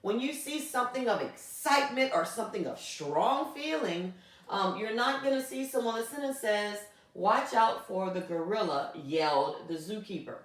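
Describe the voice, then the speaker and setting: A woman's voice: on the high side, big pitch swings, normal speed. A woman teacher giving a grammar lesson, explaining patiently and often checking in with "okay?". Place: classroom. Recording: very echoey room, voice from far off.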